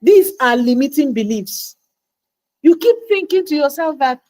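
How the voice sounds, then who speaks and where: A woman's voice: high voice, lively intonation, unhurried, mellow, poor audio. A woman giving an emphatic motivational talk as a coach on a livestream, repeating words for stress. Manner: emphatic, repeats words, acts out quoted doubts. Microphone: livestream mic.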